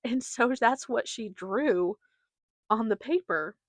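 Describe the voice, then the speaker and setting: Chatty young mom, dry close sound. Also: female voice, on the high side, slow pace, dry recording. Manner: chatty, giggly, lots of fillers. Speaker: podcast host. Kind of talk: casual solo chat.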